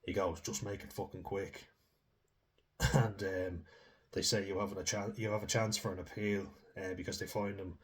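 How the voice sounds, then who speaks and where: A man giving rambling, chatty commentary on a true crime story, often reading passages aloud. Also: deep voice. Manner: rambling and chatty, with laughs and restarts.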